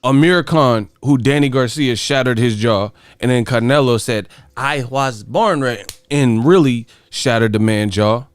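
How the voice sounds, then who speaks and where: A man's voice: mid-range voice, normal speed, few pauses, clear, resonant tone, no room sound, studio quality. A man hosting a boxing channel, reacting to his chat in casual, profane, laughing riffs. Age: adult. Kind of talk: casual livestream commentary on chat.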